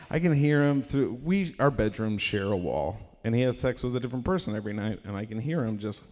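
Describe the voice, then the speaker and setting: A young man doing a stand-up comedy set in a live venue, rambling and self-deprecating, bursting into loud acted-out voices. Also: mid-range voice. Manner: rambling, self-deprecating, acts out characters loudly. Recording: live room with long reverb.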